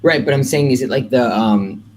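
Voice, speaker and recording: A chatty young man co-hosting a podcast, rambling freely and filling his talk with "like". His voice sits at an ordinary middle pitch in relaxed conversation. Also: moderate pace, a little hiss or hum. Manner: chatty, rambling, filler-heavy. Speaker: podcast co-host. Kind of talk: casual chat.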